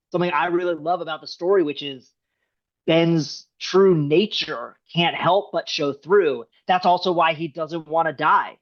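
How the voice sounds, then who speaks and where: A man, a screenwriter, talking casually in an interview, rambling with many restarts. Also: fairly high pitch. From United States. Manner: rambling, restarts often, animated. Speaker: screenwriter guest. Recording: dull lo-fi sound.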